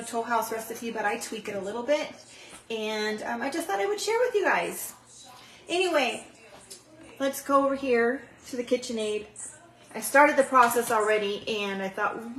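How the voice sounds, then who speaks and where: A woman's voice: on the high side, fairly bright tone, reverberant, distant mic, rough recording. Chatty woman hosting a kitchen live stream. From Southern California. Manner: chatty, greets viewers by name, many fillers. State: out of breath after running stairs. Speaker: channel host baking live. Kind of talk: casual live-stream cooking demo. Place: home kitchen.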